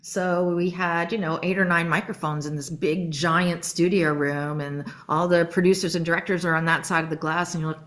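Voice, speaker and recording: A middle-aged woman from Canada, a voice actress telling stories in a casual interview, lively and quick to giggle. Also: lowish voice. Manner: lively, acts out quoted voices, giggles often. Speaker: guest voice actress.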